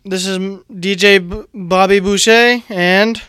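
A man's voice: high-pitched, fairly even intonation, a little slow, fairly bright tone, smooth, no echo, studio quality. A man speaking as a radio DJ in upbeat, chatty talk. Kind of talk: casual radio chat.

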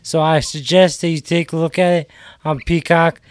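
A man speaking as a radio DJ in relaxed, casual chat. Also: fairly high pitch, moderate pace, no echo.

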